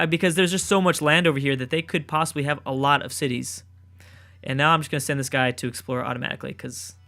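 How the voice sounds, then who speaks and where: Man thinking aloud over a strategy game. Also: medium pitch. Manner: thinks aloud, repeats phrases, excited outbursts. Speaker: let's play gamer. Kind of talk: casual gameplay commentary.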